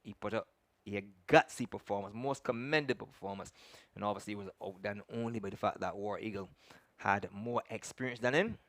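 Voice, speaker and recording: A man, a racecourse announcer reading out the runners and recapping results in a measured, formal way, politely correcting his own slips from a commentary box. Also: on the low side, a bit bright, no echo. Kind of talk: horse racing announcing and recap.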